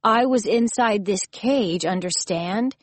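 A woman reading a storybook who voices a proud, impatient male tiger that shouts his lines. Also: mid-range voice, slow, no room sound. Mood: bossy.

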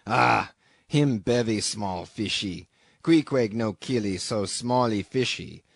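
A proud tattooed harpooneer speaks in slow, broken English with a lowered voice, as a male narrator puts him on. He drawls with calm disdain. The sound is dry and close. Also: vocal fry, slightly rough, no echo, exaggerated voice. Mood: disdainful. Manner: slow, broken pidgin speech.

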